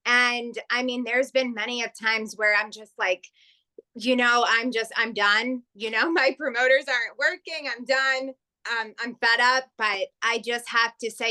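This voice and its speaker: Woman team member on video call; bright, high voice, halting delivery. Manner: halting, many fillers and restarts. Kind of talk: casual testimonial.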